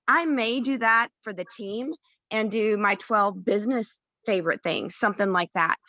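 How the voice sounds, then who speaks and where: A woman's voice: mid-range voice, sharp tone, no echo, highs cut off. A woman co-hosting a round-table chat, talking in a chatty, encouraging, self-deprecating way. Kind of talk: casual chat.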